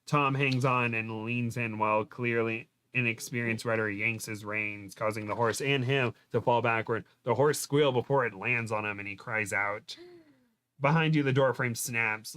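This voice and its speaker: A man's voice: mid-range voice, fairly even intonation, normal speed, a bit bright, clean tone. A man hosting a show, reading a book aloud dramatically and breaking off for joking asides. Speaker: host. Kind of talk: comedic read-aloud of a book.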